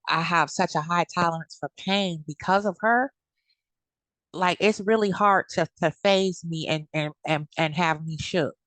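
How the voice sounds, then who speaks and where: A woman's voice: fairly low pitch, fairly bright tone, no room sound. A woman giving blunt, heated commentary in a casual vlog, cursing freely. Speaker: commentary vlogger.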